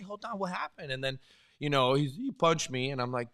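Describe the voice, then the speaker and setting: A man who coaches martial arts, chatting casually and telling animated stories with frequent laughs. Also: on the high side, fast talker. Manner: animated storyteller, laughs often. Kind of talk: casual watch-along chat.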